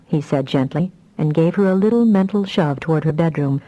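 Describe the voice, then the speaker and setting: A woman narrating a fantasy audiobook in a measured, even storytelling manner. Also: deep voice, low-quality recording.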